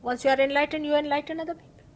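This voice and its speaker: A woman's voice: high-pitched, fairly even intonation, very fast, highs cut off. A woman, a spiritual teacher, giving an informal talk, telling a story emphatically and acting out the voices of the people in it. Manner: storytelling, acts out quoted dialogue; emphatic, repeats key words.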